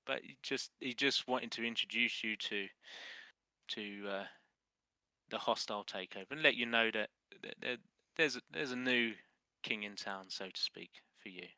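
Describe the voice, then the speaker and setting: A man's voice: lowish voice, moderate pace, bright, forceful tone, no echo. A man with an English accent running a tabletop game as dungeon master, stammering through restarts and chuckling as he narrates.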